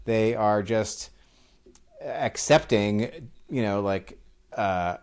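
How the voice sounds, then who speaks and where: A man hosts a podcast interview in a fairly low voice. He talks loosely and rambles, with plenty of filler words, sounding relaxed and conversational. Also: drawn-out words, smooth. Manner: loose and rambling, full of "like" and "you know". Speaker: podcast host. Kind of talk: casual interview chat.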